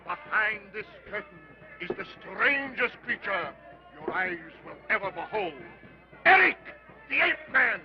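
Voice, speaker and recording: An actor playing a brash carnival barker, shouting sales patter in a 1930s film. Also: male voice, sits high, animated, a little slow. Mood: hawking. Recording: dull lo-fi 1930s film sound with music.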